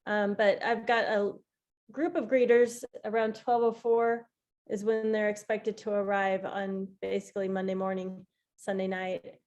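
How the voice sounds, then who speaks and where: A woman's voice: mid-range voice, flat delivery, measured pace, darkish tone, dull audio. A woman organizing an event goes over a schedule on a video call, hesitant with many ums. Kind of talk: casual group video call.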